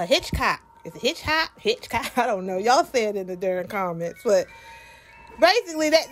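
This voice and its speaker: Woman, Southern accent, fairly high voice, sassy commentary host, preachy, talks straight to viewers, soft music underneath. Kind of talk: reaction commentary.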